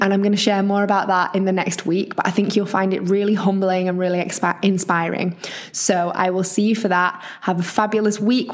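Chatty woman hosting a podcast. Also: medium pitch. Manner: chatty, encouraging, rambling. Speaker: podcast host. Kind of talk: solo podcast chat.

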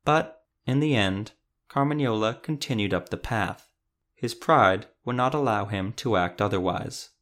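A man narrating a fantasy audiobook in a steady storytelling manner. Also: lowish voice, unhurried.

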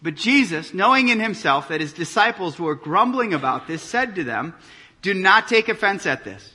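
A man preaching a sermon, reading scripture aloud and explaining it with animated emphasis. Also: high voice, moderate pace. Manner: animated preaching, reads scripture aloud, drops to quiet intensity. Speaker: pastor.

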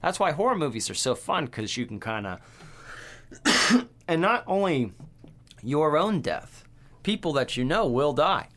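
A man's voice: a little high, big pitch swings, unhurried, long pauses, a bit bright. A man co-hosting a casual horror movie podcast, laid-back and rambling, swearing often. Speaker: podcast co-host. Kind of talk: casual chat.

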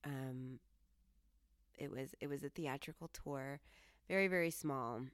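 Woman from colorado telling a story, low voice, smooth, gets lively quoting herself. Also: measured pace, no room sound, clean studio sound. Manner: lively, jumps high when quoting herself. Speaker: podcast host. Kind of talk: casual storytelling.

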